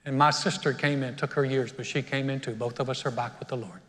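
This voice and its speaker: A man's voice: mid-range voice, steady tone, quick pace, fairly bright tone. A middle-aged man preaching a sermon, telling a personal story and getting choked up with emotion. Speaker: pastor. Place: church sanctuary. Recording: long reverb of a church hall.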